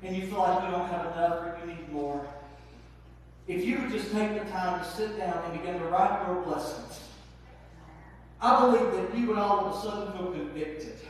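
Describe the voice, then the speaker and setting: High-voiced preacher in an echoing hall. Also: male voice, moderate pace, a little hiss or hum. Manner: impassioned, asks the congregation questions. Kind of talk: sermon. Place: church sanctuary. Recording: echoey hall, distant mic.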